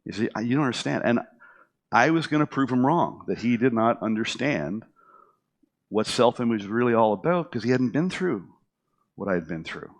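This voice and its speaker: With a mid-range voice and moderate pace, a middle-aged man loosely narrates something from his own life. He brings others' remarks to life animatedly, restarting and using fillers often.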